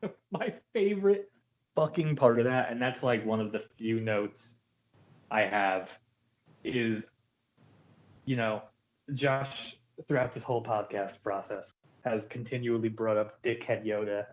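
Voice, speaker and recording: A man's voice: lowish voice, unhurried, long pauses. A man co-hosting a podcast, ranting casually and profanely about a movie. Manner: animated ranting with impressions. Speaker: podcast co-host. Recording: dull lo-fi podcast audio.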